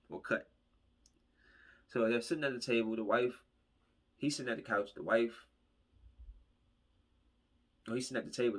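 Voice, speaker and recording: A man's voice: lowish voice, a bit bright. A man reviewing a movie on his podcast, retelling the plot in a loose, rambling way and acting out the characters' lines.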